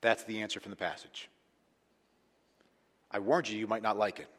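A man preaching a sermon as pastor, talking conversationally and with emphasis, swinging between loud points and hushed asides. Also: fairly low pitch, fairly even intonation, normal speed. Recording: long hall reverb.

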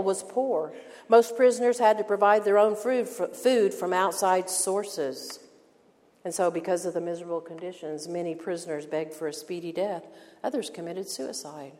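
An older woman leads a women's Bible study, preaching in an earnest, emphatic style and slowing down to stress key phrases. Her voice sits on the low side and sounds mellow, with a long hall reverb on the recording.

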